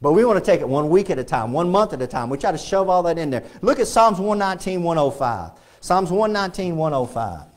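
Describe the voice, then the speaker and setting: A pastor preaching a sermon in a church, swinging between loud and hushed delivery and often repeating phrases. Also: male voice, fairly high pitch, sing-song, fast talker, hardly any pauses. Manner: repeats phrases and restarts lines. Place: church sanctuary.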